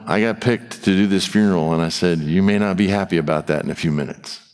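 Male pastor, lowish voice, lively storytelling sermon, echoing sanctuary. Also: clean tone. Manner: animated storytelling, acting out dialogue.

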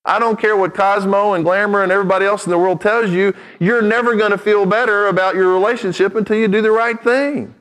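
Man, pastor, sermon, emphatic, conversational asides, slightly high voice. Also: fairly even intonation, fast, hardly any pauses, fairly bright tone, smooth, poor audio.

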